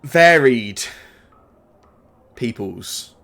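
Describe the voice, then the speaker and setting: A man putting on an aging court advisor, silver-haired and slick, talking in a raised, formal, falsely welcoming tone for a tabletop game. The voice sits a little higher and louder than the narrator's own. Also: animated, very slow, creaky, slight background noise, heavily acted.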